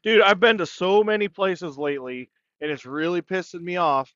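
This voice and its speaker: Male podcast co-host, sharp bright voice, crude jokey banter, dry lo-fi sound. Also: sits high, lively intonation, normal speed, dry recording. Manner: swears constantly, loud and jokey. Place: truck cab in a parking lot.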